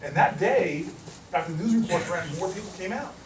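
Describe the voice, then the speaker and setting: A man, a politician, telling a humorous story to a live audience, animated and acting out the voices of the people in it. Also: high-pitched, brisk, noisy background. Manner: animated, acts out the voices of people in his stories. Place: hall with a live, laughing audience. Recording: echoey hall, mic at a distance.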